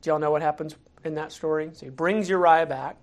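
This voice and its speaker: A man's voice: a little high, steady tone, fairly quick. Male pastor, casual sermon delivery, chatty storyteller with frequent fillers and restarts. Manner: conversational, acts out quotes in raised voices, many fillers.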